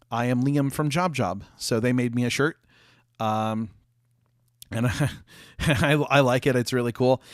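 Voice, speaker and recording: A man's voice: mid-range voice, no room sound, clean studio sound. A young adult man chatting casually with viewers on a livestream from his office, rambling with lots of fillers and restarts, coughing and hiccuping.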